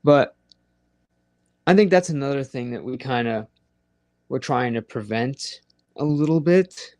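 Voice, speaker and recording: A man's voice: medium pitch, a little slow, a little mellow, no echo, studio quality. A man hosting a live late-night audio chat room, rambling and swearing freely as he talks straight to his listeners. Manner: profane, rambling and conversational.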